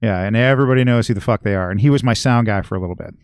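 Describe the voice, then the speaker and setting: A man's voice: fairly low pitch, rapid-fire, dry recording, studio quality. A middle-aged man telling a long story on a podcast, rambling and swearing constantly. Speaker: guest musician and regular.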